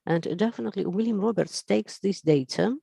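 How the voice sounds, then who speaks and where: A speaker lectures at a medical conference in a dry, close sound. The voice is gravelly and mellow. The delivery halts on frequent fillers and repeats the main points for emphasis. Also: mid-range voice, fairly quick, no echo. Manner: repeats key phrases for emphasis. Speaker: physician giving a conference lecture.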